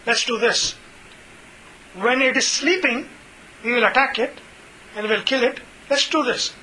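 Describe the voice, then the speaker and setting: A man's voice: very high voice, a little slow, sharp tone, slight background noise, exaggerated voice, poor audio. A man voicing a cunning, scheming fox in a spoken fable, in a casual storytelling tone. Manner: storytelling tone, conversational.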